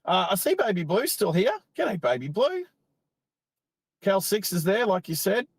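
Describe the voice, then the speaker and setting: A man's voice: high-pitched, very animated, normal speed, husky, no echo. A middle-aged Australian man chatting casually on a live stream from a parked car on an outback roadside, rambling and cutting himself off mid-thought. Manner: chatty, rambling, self-interrupting. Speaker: live-stream driving host.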